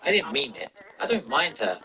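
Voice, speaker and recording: A man's voice: a little high, sing-song, moderate pace, sharp tone, voice pushed up, heavily acted. A man voicing a prim, earnest schoolgirl who sounds flustered, in a story read aloud.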